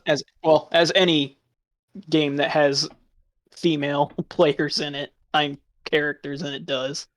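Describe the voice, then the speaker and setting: A man's voice: fairly high pitch, flat delivery, unhurried, a bit bright. A man chatting casually, laughing often through crude, sarcastic remarks. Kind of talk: casual chat.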